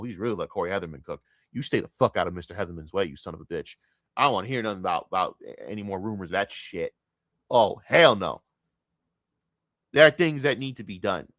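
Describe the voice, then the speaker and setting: A young streamer rants about football, cursing and rambling as he goes. His pitch swings widely between outbursts and mutters. The sound is dry and close, with no room around it. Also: a bit bright, no echo. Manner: profane, heated, rambling. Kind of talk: casual sports rant.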